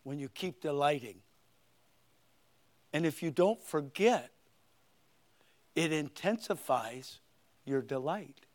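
Older male pastor, high voice, animated sermon delivery with loud emphatic points and soft asides. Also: slow pace, pauses often. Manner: animated preaching, swinging between loud emphatic lines and quiet asides.

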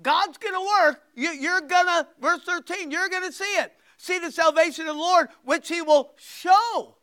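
High, bright emphatic preacher man. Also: moderate pace, no room sound, studio quality. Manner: emphatic, swings from loud to hushed. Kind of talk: sermon reading scripture aloud.

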